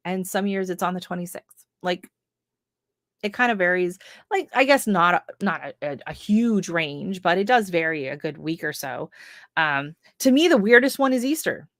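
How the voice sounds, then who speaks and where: A woman's voice: medium pitch, dry recording, studio quality. A middle-aged Canadian woman with a Canadian accent, hosting a casual gardening livestream and reading out viewer comments, chatty and rambling with frequent laughs and fillers.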